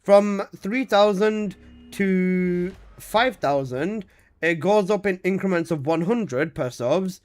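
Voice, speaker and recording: A man's voice: sits high, animated, takes it slowly, a little mellow. A young man streaming a game, chatting casually, reading chat aloud and answering with swearing and laughs.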